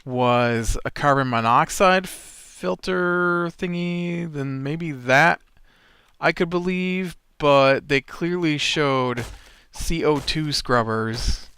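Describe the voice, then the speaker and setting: Slow, bright-voiced man rambling over gameplay. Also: fairly high pitch, clear, resonant tone, no echo, studio quality. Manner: rambling, nitpicky recap with many fillers. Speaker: let's play host. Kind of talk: casual gameplay commentary.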